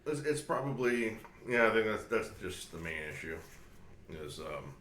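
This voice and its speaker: A man speaks in a low voice during a relaxed conversation, pausing and filling gaps as he goes. The room sounds roomy and echoey, with faint noise behind him. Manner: halting, with fillers. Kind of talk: casual chat.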